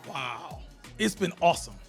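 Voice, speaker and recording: Guy interviewing, high voice with gravelly fry, keeps saying yeah and laughing, faint music. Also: animated, moderate pace. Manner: affirming, laughs along. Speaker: interviewer, host. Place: festival content studio.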